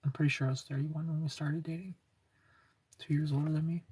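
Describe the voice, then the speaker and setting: A man's voice: fairly high pitch, flat delivery, a little fast, darkish tone, breathy edge, distant mic. A man in his thirties hosting a casual livestream and answering viewers' comments, rambling, restarting sentences and chuckling often.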